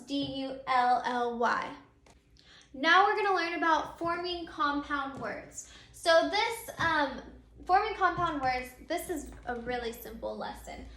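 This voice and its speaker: Woman teacher, high voice, patient and repetitive, echoey room. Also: a bit bright. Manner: patient, repetitive explaining with many ums. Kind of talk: recorded grammar lesson.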